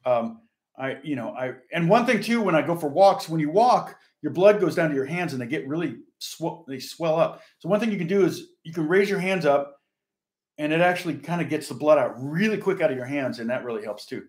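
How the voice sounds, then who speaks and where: Older male guitar teacher, somewhat high-pitched, loose rambling chat to viewers, roomy echo. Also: animated, a little fast. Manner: rambling, chatty, answers viewers' comments. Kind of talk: casual live-streamed guitar lesson. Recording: echoey room with guitar playing.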